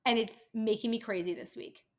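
Her voice sits on the high side with a steady tone and moderate pace as this dental office employee rants about patients on her own podcast. The venting is casual, exasperated and full of swearing.

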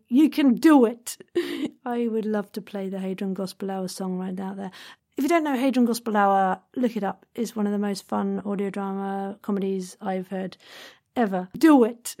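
A woman's voice: mid-range voice, warm tone. Chatty, encouraging woman podcast host. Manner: chatty, encouraging, quick asides. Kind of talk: casual advice podcast.

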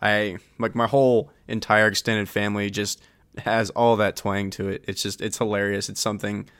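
A man's voice: on the low side, level tone, moderate pace, a bit bright, smooth, no room sound, clean studio sound. A man co-hosting a podcast, chatting casually and animatedly with a friend, swearing and laughing often. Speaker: podcast co-host. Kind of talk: casual chat.

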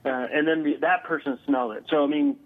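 A man calls in to an interview and tells his story in a voice a little higher than most. He pauses often on filler sounds and gets animated as he retells it. The line is narrow and tinny, like a phone call. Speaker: guest paranormal investigator.

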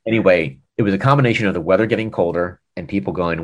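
A man's voice: low voice, fast talker, few pauses. An American man, a former e-commerce director, telling a business story in a casual interview and acting out the dialogue as he goes. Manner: animated storyteller, acts out quoted dialogue.

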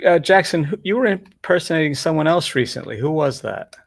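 A man's voice: a little high, lively intonation, a little fast, creaky. A man co-hosting a casual podcast chat, fumbling and thinking aloud. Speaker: co-host.

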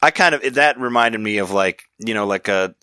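Bright-voiced rambling man. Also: on the low side, moderate pace, smooth, no echo, clean studio sound. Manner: rambling, restarts often, laughs easily. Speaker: podcast host. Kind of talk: casual chat.

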